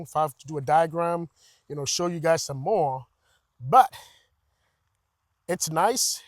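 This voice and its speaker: Guy not in rambling about his truck mods outside, slightly high voice, dry sound. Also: no room sound. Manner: rambling, repeats words and restarts, excited about mods. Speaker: truck vlogger. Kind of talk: casual walkaround commentary. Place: outdoors beside a pickup truck.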